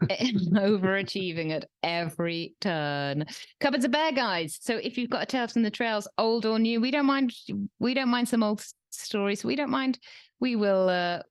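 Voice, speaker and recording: A woman co-hosting a running podcast, bubbly and animated, laughing between lines. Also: medium pitch, normal speed, no room sound. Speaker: podcast co-host. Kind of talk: casual podcast chat.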